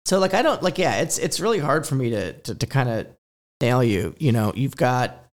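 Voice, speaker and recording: A man hosting an interview in a casual, halting way, his voice a bit off from illness. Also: medium pitch, expressive. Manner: laughs easily, halting questions. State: sick, slightly off voice. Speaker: podcast host.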